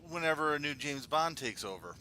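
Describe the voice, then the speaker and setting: A man co-hosting a podcast in relaxed casual chat, joking around and swearing freely. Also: fairly high pitch, fairly quick. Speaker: podcast co-host.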